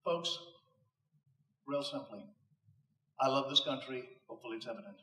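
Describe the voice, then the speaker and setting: A man's voice: medium pitch, moderate pace, bright, forceful tone, recorded from a distance. A man giving an emphatic, rhetorical inspirational speech to a live audience, mixing in punchline jokes. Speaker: motivational speaker. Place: live venue before an audience. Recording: echoey room, voice off mic.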